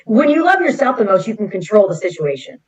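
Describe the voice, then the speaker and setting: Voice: mid-range voice, very animated, fast, breathy edge, low-quality recording. A talk show co-host chatting casually and backing the host up with frequent affirmations.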